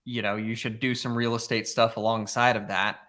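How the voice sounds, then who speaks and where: A man's voice: mid-range voice, level tone, a little fast, sharp tone. A man co-hosting a live real estate talk show in a loose, conversational way, full of "you know" asides. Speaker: real estate podcast co-host. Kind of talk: casual business chat.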